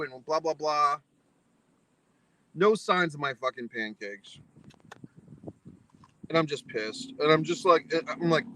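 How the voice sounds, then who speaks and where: A man's voice: on the high side, moderate pace, long pauses, bright, forceful tone, a little hiss or hum, low-quality recording. A man vlogging a foul-mouthed, exasperated anecdote, mock-philosophical as he spells out its lessons. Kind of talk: profane ranting anecdote to camera.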